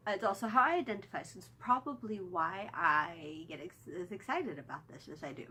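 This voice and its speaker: Excited woman rambling about TV. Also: mid-range voice, brisk, a little hiss or hum. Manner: enthusiastic, rambling, with many restarts and fillers. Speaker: TV review vlogger. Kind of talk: casual TV review chat.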